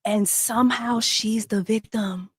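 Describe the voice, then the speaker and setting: A woman's voice: fairly high pitch, fairly even intonation, measured pace, slightly rough, no room sound. A woman hosting a casual commentary video, emphatic and profane, repeating her points. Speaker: host.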